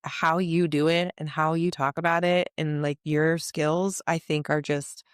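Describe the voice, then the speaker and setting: Low-voiced smooth woman host. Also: flat delivery, unhurried, dry recording, clean studio sound. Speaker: podcast host. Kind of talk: interview host.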